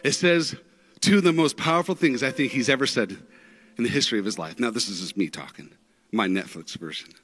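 A man preaching a sermon through stories, dramatic, with big swings in pitch and loudness. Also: brisk. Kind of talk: sermon storytelling.

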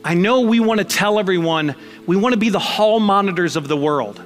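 A man's voice: high voice, normal speed, a bit bright, long reverb tail, faint music behind. A man preaching a sermon as pastor, conversational and emphatic, mixing blunt jokes into his points.

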